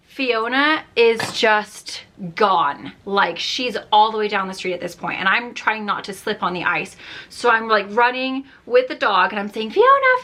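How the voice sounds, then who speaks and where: Young woman vlogger, bright and slightly high voice, chatty exasperated storyteller, casual get-ready-with-me delivery. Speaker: beauty vlogger. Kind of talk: casual storytelling while doing makeup.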